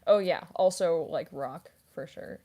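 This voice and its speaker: Young woman, slightly low voice, casual streamer chat, rambling, giggly, filler-heavy. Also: a little slow, warm tone. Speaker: voice actress and streamer.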